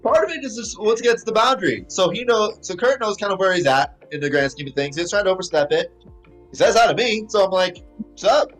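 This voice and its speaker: Male podcast host, slightly high voice, earnest casual talker, faint music behind. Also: fast, a bit bright.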